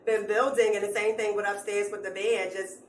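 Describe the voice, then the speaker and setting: A woman's voice: medium pitch, flat delivery, brisk, slight background noise. A woman guest chatting in an easygoing way. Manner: easygoing, faith-minded. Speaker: interview guest. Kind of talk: casual chat. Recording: echoey, off-mic.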